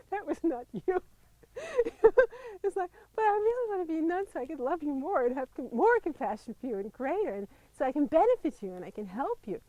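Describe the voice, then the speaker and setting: A woman, a Buddhist nun telling her life story in an interview, lively and laughing often. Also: high-pitched, fast, hardly any pauses, no echo, rough recording. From United States. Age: 50s. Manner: animated storytelling, laughs often, mimics voices in quotes. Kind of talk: personal storytelling.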